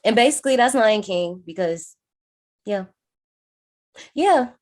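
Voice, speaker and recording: Animated woman recapping a movie. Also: mid-range voice, unhurried. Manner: animated, acts out characters' lines, swears freely. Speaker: podcast co-host. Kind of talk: casual movie recap chat.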